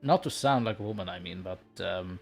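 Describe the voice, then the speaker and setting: A man's voice: sits low, brisk, creaky, darkish tone, soft background music. A man hosting a live stream, chatting casually and laughing at himself. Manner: laughs often, self-mocking. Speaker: stream host.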